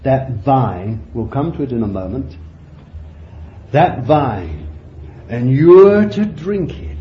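A man preaching a sermon with deliberate phrasing, climbing to fervent high peaks and then dropping low and quiet. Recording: dull lo-fi sound in a roomy hall.

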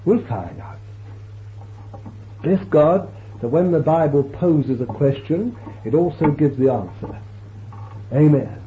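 On a tinny lo-fi recording with a little hiss, a man with a fairly high, animated voice delivers a sermon. He quotes and unpacks scripture slowly and emphatically, his voice climbing and sinking in dramatic swells and drops.

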